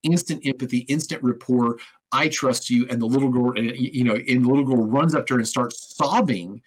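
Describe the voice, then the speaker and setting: A man's voice: medium pitch, fairly quick, slightly rough, low-quality recording. A man hosting an interview, telling stories in a casual, conversational way and acting out the lines of the people in them. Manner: storytelling, conversational, acts out quoted speech. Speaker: host.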